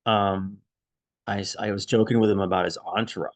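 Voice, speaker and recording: A man casually recalling a friendship, quiet and reflective, halting with many restarts and fillers, audibly emotional. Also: on the low side, steady tone, dry recording. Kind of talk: casual personal storytelling.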